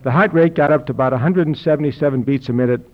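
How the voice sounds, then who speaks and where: An older man recounts a personal story in a dry, wry tone, with a voice of middling pitch for a man. The recording is dull and lo-fi. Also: very fast. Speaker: speaker telling his health story. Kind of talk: anecdotal talk to an audience. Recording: dull lo-fi recording with audience laughter.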